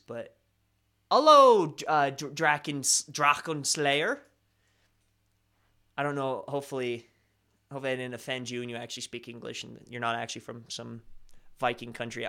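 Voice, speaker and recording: A man's voice: medium pitch, sharp tone. A young man hosting a casual live stream, chatting loosely and reading viewer comments with a self-deprecating, rambling manner.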